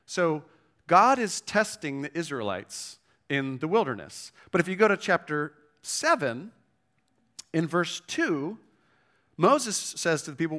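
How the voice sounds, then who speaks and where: A man's voice: on the high side, sing-song, a little slow, fairly bright tone. Man preaching in a conversational way. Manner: conversational preaching with frequent "right?" and "okay?" check-ins; reads scripture aloud with rising emphasis. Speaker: pastor. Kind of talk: sermon.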